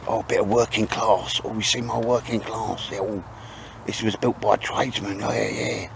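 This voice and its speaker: A man's voice: on the low side, flat delivery, normal speed, gravelly, a crowd in the background. A man voicing a snooty male yuppie who gushes over working-class goods in a mocking posh tone, outdoors in the woods. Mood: mock awe.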